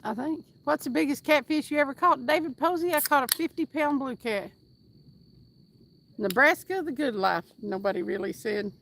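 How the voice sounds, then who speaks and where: A woman with a high, fairly bright voice speaks at a normal pace over slight background noise. She's hosting a casual livestream while fishing outdoors by the water, reading viewer comments aloud in an upbeat, chatty way and whooping now and then.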